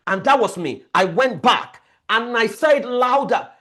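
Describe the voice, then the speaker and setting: A man's voice: extremely high pitch, lively intonation, a little slow, bright, forceful tone. A man, a family life coach giving an emphatic motivational training lecture, repeating key words as he tells stories.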